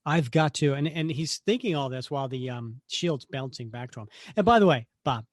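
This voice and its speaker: A man's voice: medium pitch, animated, brisk, no echo, studio quality. A man co-hosting a podcast, chatting casually about comics, laughing easily. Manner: chatty, laughs easily, reads aloud with mock drama. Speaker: podcast co-host. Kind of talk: casual comic book discussion.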